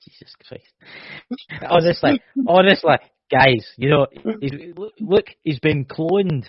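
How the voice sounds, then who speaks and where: Teasing Scottish man with a husky voice. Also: fairly high pitch, expressive, takes it slowly, no room sound. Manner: boisterous, teasing, jokey. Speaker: podcast co-host. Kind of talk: casual chat. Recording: muffled dry home recording.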